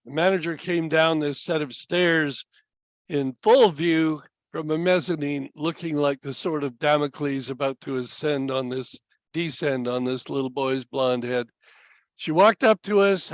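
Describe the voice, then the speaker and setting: Older male storyteller at a webinar, high-pitched, unhurried and halting, chuckles now and then. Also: dry recording, low-quality recording. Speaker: speaker telling stories.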